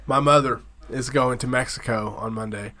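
Male podcast guest, mid-pitch, laid-back, slangy, swears often. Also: steady tone, moderate pace, bright, forceful tone. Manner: laid-back, says "bro" and swears a lot. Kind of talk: casual chat.

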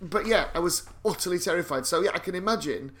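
A man's voice: high-pitched, lively intonation, fast, a bit bright. A man co-hosting a podcast, swearing often, laughing and telling stories in casual banter. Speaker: podcast co-host.

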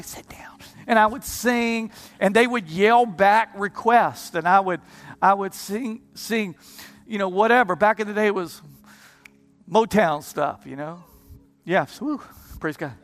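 A high-pitched man preaches his testimony from a church platform, impassioned and repeating himself in quick bursts. His voice rings out with a long hall echo and soft music playing underneath. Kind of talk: sermon testimony storytelling. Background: live keyboard music.

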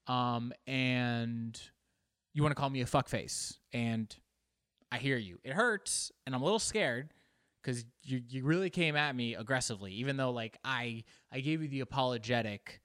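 A man's voice: medium pitch, normal speed, fairly bright tone, clean tone, no echo, studio quality. A man hosting his own podcast alone, rambling casually about himself in a self-deprecating way and swearing freely. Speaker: podcast host. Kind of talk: casual solo podcast monologue.

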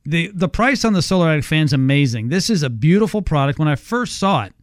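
Male radio host, lively deal-pitching voice, slightly high, dry booth sound. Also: fast, no echo. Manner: animated storytelling, acting out quotes. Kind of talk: radio ad read and chat.

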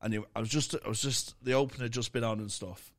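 A man, a comedian co-hosting a podcast, swearing freely while he tells animated anecdotes. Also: mid-range voice, fast talker. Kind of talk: casual chat, swearing anecdotes.

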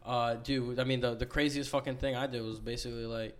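A man's voice: medium pitch, fairly even intonation, a little fast. Young man, casual storyteller, loose slangy delivery, swears a lot. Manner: laid-back storytelling, heavy profanity, slangy. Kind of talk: casual chat.

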